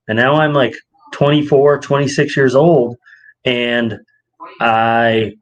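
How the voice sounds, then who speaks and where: A man's voice: takes it slowly, dull audio, faint music behind. A man co-hosting a casual podcast chat, telling stories and acting out quoted voices with a lot of energy. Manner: animated storyteller, acts out quotes with rising pitch. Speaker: podcast co-host.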